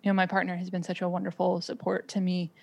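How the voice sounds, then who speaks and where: A woman's voice: fairly low pitch, monotone, fast, creaky, lo-fi sound. A woman who is a parent and a podcast guest, talking reflectively in casual conversation, with lots of "um" and "like" and frequent restarts. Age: adult with children.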